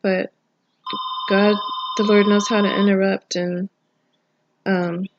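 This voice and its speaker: Middle-aged woman, tearful testimony vlog, flat gravelly voice, muffled phone audio. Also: mid-range voice, slow pace, background noise. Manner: earnest, emotional and prayerful, rambling at times. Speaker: vlogger. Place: home. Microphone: phone camera.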